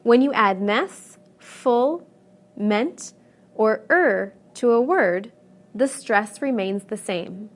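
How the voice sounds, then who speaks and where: A woman with a North American accent narrating a scripted pronunciation lesson, saying each example word slowly and with clear stress. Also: fairly high pitch, lively intonation. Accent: North American English. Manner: slow, careful, stresses example words. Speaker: English pronunciation teacher.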